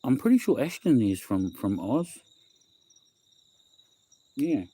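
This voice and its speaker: A man's voice: mid-range voice, sing-song, slow, warm tone, slightly rough. A young man with a New Zealand accent chatting on a home livestream, rambling through a story and greeting viewers by name. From West Auckland, New Zealand. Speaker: livestream host. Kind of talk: casual livestream chat.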